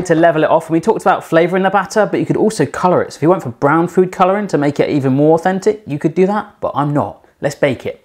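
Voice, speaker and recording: Chatty man hosting a baking tutorial. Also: fairly high pitch. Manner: chatty and playful, cracking puns and jokes. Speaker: self-taught home baker hosting a cooking channel. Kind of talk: casual cooking tutorial. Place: home kitchen.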